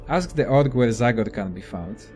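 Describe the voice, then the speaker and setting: A man's voice: mid-range voice, lively intonation, moderate pace, darkish tone, faint music behind. A young man casually commenting on a video game and reading its text aloud, offhand and profane. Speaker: let's play gamer.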